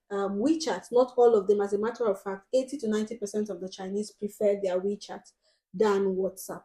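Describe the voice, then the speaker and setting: A woman's voice: mid-range voice, dark tone. A young Nigerian woman hosting a casual advice vlog, talking directly and emphatically with frequent ums. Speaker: host.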